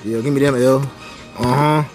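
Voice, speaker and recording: A man's voice: mid-range voice, fairly even intonation, normal speed. A man on an outdoor basketball court taunting his opponent with profane, mocking trash talk. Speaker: trash-talking basketball player. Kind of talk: mocking trash talk during a one-on-one game. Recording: loud music over the voice. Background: hip hop music.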